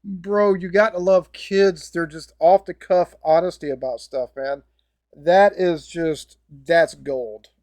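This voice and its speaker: A man's voice: a little high, takes it slowly, darkish tone, no echo, clean studio sound. An American man giving casual, folksy reaction commentary, laughing often and rambling as he talks. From United States. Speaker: reaction video host.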